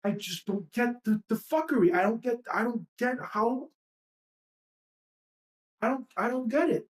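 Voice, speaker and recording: Her voice sits on the high side and moves a little slowly as she rants on her livestream. The host gets heated and profane, repeatedly hurling rhetorical questions.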